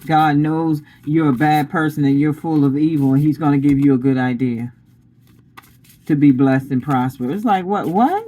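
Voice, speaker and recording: A woman's voice: sits low, little pitch movement, normal speed, mellow, poor audio. A woman giving a casual spiritual pep talk as a tarot reader, blunt and preachy, laughing often and using slang.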